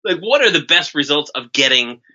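Bright, lively podcast guy from New Jersey. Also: fairly high pitch, fairly quick. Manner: riffing, restarts mid-sentence. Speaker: podcast co-host. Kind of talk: casual comedic banter. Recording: dull lo-fi podcast audio.

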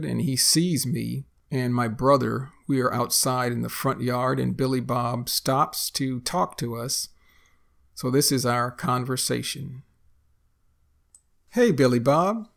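Man, podcast lesson host, gravelly voice, slow careful explanations. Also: mid-range voice, a bit bright. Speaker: podcast teacher. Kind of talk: scripted vocabulary lesson.

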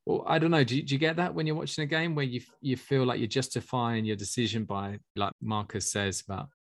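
A man's voice: mid-range voice, steady tone, fast. A man hosting a casual podcast, playfully reading out questions to his co-host. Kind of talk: casual chat about fantasy football.

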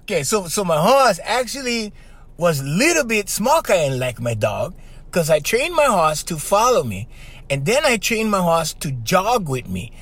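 Lively high-pitched podcast host. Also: male voice, normal speed. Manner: animated storytelling, keeps asking "right?"; trained singer's strong voice. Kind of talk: casual podcast monologue.

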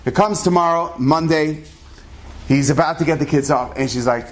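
A man's voice: on the high side, normal speed, a little hiss or hum. Man telling a rambling story. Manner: rambling, conversational, many asides. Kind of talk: casual spoken storytelling.

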